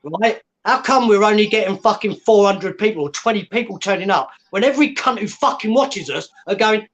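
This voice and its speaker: High-voiced man ranting and swearing. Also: fairly quick, hardly any pauses. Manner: swearing, combative, repeats "yeah?" for emphasis. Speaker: guest. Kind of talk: angry ranting on a livestream.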